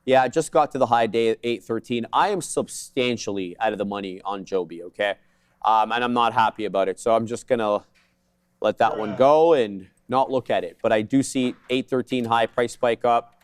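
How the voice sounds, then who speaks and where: A man co-hosting a live day trading show, calling trades in quick jargon with joking asides. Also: medium pitch, clean tone, no echo.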